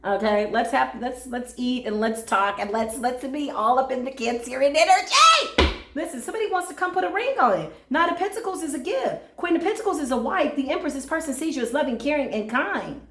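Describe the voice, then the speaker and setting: A woman giving a casual, playful tarot reading, talking straight to her viewers with lively energy. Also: high-pitched, fairly quick, hardly any pauses, echoey room, a little hiss or hum. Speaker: tarot reader.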